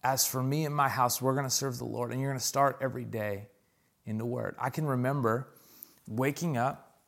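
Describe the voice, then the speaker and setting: A man's voice: medium pitch, steady tone, normal speed, gravelly. A man preaching a sermon as pastor, calling out "come on" and pressing his points with rising intensity.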